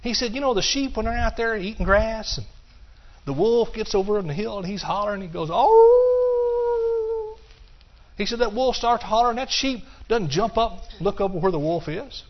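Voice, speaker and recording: A middle-aged male preacher delivers a sermon in a high voice. He breaks into song now and then and calls out to his congregation. The sound is dull and muffled. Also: fairly quick.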